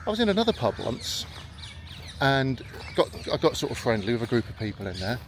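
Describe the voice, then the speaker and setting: Out walking in a park, a middle-aged man speaks at medium pitch, very animated and a little fast. This rambling vlog has him telling chatty stories and performing what others said, while faint outdoor sounds linger behind him.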